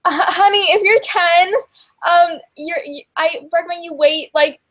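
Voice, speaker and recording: A woman's voice: very high voice, measured pace, a bit bright. A young woman co-hosting a casual livestream chat, gushing and chatty with lots of fillers. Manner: gushing and chatty, many fillers, laughs often. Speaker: co-host of a book and TV chat livestream.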